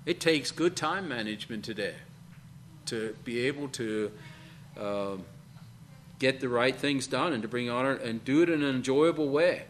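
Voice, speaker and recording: A male pastor delivers a sermon in a mid-pitched voice, pausing often on fillers and repeated questions. His delivery is earnest and unpolished, with a faint hum of noise in the background. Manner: halting, questioning, many fillers.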